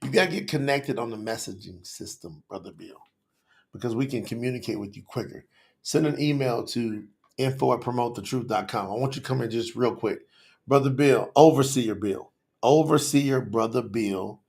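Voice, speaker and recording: Gravelly, fired-up man hosting a livestream. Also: mid-range voice, normal speed. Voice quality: passionate and excitable, calls out viewers by name. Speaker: livestream host. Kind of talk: lively livestream talk to chat viewers.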